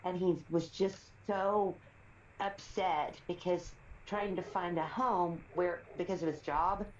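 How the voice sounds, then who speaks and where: A woman's voice: lowish voice, steady tone, slow, a little mellow, slight background noise. A middle-aged woman chatting casually on a live stream, rambling through stories and laughing often. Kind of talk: casual chat. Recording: roomy, slightly dull stream audio.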